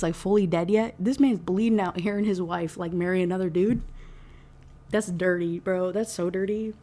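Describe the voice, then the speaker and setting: A woman's voice: on the low side, steady tone, moderate pace, mellow. A young woman giving a casual, exasperated book review rant, swearing freely and filling her talk with "like". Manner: exasperated, profane, heavy use of "like".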